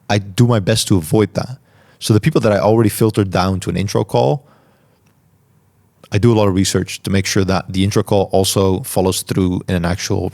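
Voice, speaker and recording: A man hosting a podcast, answering listener questions in a calm, reflective way and articulating each word carefully. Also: fairly low pitch. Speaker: podcast host. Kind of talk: solo Q&A talk.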